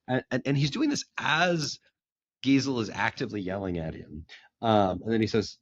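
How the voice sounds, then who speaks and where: Low, animated male co-host, eager and halting, dull lo-fi sound. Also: no echo. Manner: enthusiastic, halting with restarts. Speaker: podcast co-host. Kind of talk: casual chat about comics.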